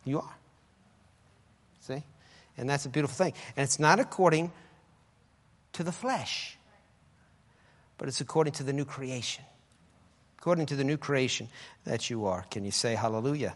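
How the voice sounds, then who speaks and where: A man preaching a sermon with fervor, swinging between loud exclamations and quiet asides. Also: a little high, moderate pace, long pauses. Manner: fervent, swings between shouting and soft asides. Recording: echoey hall with long reverb.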